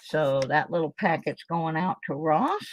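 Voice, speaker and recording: Older woman host, unhurried desk chat, self-deprecating asides, faint hiss under it. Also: sits low, lively intonation. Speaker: channel host, coin roll hunter. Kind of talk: casual livestream chat while sorting coins. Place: home desk in a small town.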